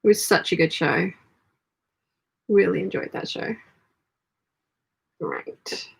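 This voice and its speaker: A woman chats through a live stream while she sews, reading out viewer comments and answering them. Her voice is gravelly with a husky edge, and she talks in a loose, chatty way with plenty of fillers. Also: on the low side, takes it slowly. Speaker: sewing channel host. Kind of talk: casual live-stream chat while sewing.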